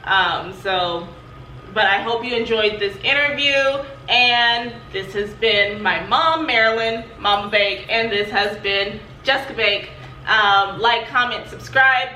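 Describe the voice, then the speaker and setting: Bright young woman, chatty, roomy sound. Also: medium pitch, unhurried. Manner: chatty, loose, many fillers. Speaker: channel host. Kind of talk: casual vlog chat. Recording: roomy, distant mic, faint noise.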